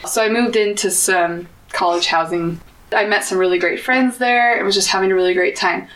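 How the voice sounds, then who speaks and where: A woman's voice: medium pitch, normal speed, fairly bright tone, distant mic. A young woman, an interview guest, telling a personal story in an earnest, open way. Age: young adult. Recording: echoey room, voice a bit off-mic.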